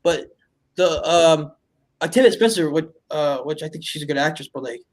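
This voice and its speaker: A man co-hosting a movie podcast, chatting casually in a rambling, halting way with many fillers. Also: on the high side, poor audio. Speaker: podcast co-host. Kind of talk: casual chat.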